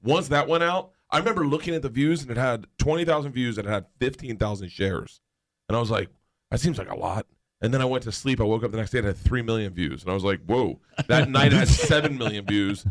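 A man telling a comedic story as a podcast guest, animated and laughing as he goes. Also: mid-range voice, fast. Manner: animated, laughs through his own story.

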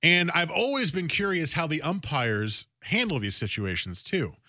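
Male sports talk host, bright tense voice, dry studio mic, chatty and animated with frequent restarts. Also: a little high, normal speed, no echo. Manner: conversational, animated, often restarts phrases. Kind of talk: casual sports talk radio monologue. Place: radio studio.

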